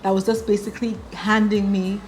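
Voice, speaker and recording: A woman's voice: mid-range voice, flat delivery, fairly quick, a little mellow, soft background music. A young woman in her twenties from Nigeria, telling a personal story to the camera, earnest and full of "like", acting out the dialogue. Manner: earnest, heavy use of "like", retelling dialogue. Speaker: vlogger.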